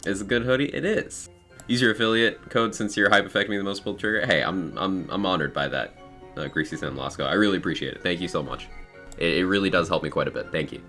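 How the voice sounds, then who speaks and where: Male streamer, very low voice with a bright edge, tired morning rasp, laid-back chat over faint game music. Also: fast talker. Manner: reads out viewer names and thanks them, laid-back and chatty. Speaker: live streamer. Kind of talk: casual live-stream chat while gaming.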